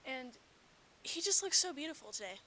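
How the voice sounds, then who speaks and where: A woman giving a deadpan, mock-serious comedy bit in earnest tones. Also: sits high, normal speed, poor audio.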